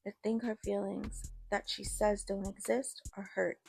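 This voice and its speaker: Creaky-voiced woman narrating a story. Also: medium pitch, level tone, measured pace, darkish tone, faint music behind. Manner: casual, conversational. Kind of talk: first-person story narration.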